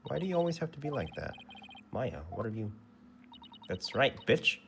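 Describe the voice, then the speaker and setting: A man giving casual gameplay commentary, loud and incredulous, swearing often. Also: mid-range voice, very animated, fast, creaky, slight background noise. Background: game music.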